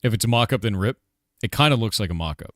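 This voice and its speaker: A game developer in his forties rants and swears while chatting casually on a live stream, peppering everything with "like" and "dude." His lowish voice is expressive and a bit bright, moving at a quick pace. The sound is clean studio quality with no echo.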